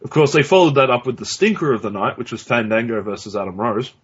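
A man's voice: mid-range voice, expressive, fast, husky. A man co-hosting a podcast in casual chat, blunt and profane, rambling with restarts. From Australia. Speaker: podcast co-host. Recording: dull lo-fi recording.

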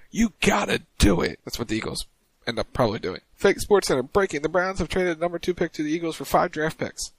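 A man co-hosting a casual wrestling podcast, reading tweets aloud in a wry, deadpan way. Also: on the high side, no echo. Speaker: podcast co-host.

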